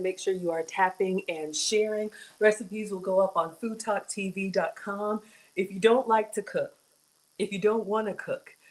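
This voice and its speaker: A woman's voice: fairly low pitch, a little mellow, poor audio. A middle-aged woman hosting a casual cooking livestream, chatty and greeting viewers by name. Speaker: cooking show host.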